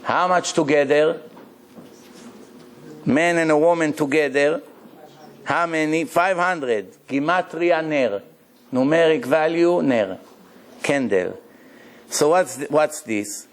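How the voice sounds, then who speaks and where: A man delivers a Torah lecture as a rabbi, with a voice pitched a little high for a man. He tells stories with energy and keeps asking his listeners questions. His English has the grammar slips of someone who did not learn it first. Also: slow pace, long pauses. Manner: animated storytelling with rhetorical questions; non-native English grammar.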